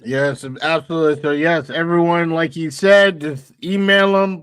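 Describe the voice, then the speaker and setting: A man co-hosting a sports talk stream, relaxed and thoughtful, with many fillers. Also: a little high, moderate pace, hardly any pauses, smooth, dry recording. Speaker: podcast co-host.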